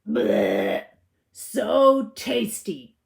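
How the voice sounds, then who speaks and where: A woman's voice: medium pitch, creaky, exaggerated voice. A woman voicing a greedy, wicked male wolf in a storybook read-aloud, smug and drawing out his words. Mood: gloating. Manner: smug, relishing, drawn-out words.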